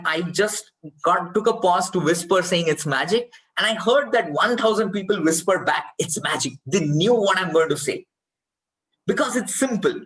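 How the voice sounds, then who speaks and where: A man's voice: sits high, fairly bright tone, rough recording. Emphatic Indian man coaching speakers. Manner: emphatic, repeats key phrases. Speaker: speech trainer. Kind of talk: online workshop talk and Q&A.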